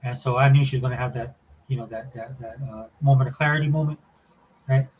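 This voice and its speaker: On poor audio, a middle-aged male podcast co-host talks fast at medium pitch, his tone steady, a little mellow and breathy. The chat is casual and animated as he rambles through stories full of fillers.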